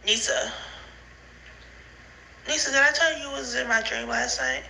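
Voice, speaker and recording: Woman, high and giggly, drawn-out rambling, very bright lively voice, phone voice memo. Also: gravelly, slight background noise, rough recording. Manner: wandering, drifting thoughts, frequent laughs and sighs. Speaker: podcast host sending voice notes. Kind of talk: rambling voice-note monologue.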